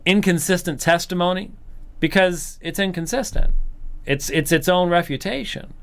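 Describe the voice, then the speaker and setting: A man commenting on a recorded lecture, rebutting it in an incredulous, animated way. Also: a little high, clean tone. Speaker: Christian apologist commentator.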